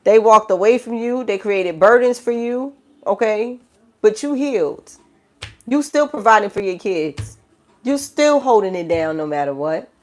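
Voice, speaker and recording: A woman with a New York accent giving a live tarot reading, lively and slangy, swinging between loud exclamations and low hushed stretches. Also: measured pace. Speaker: tarot reader.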